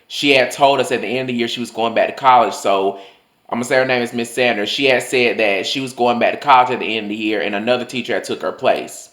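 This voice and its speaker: A young man telling a storytime vlog, loose and profane with lots of fillers, breaking into loud high mocking outbursts. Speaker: vlogger. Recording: roomy echo.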